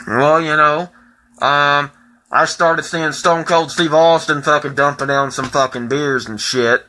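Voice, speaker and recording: A man in his twenties in a profane, heated personal rant that keeps rising into shouting. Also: a little high, unhurried, rough recording. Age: 20s.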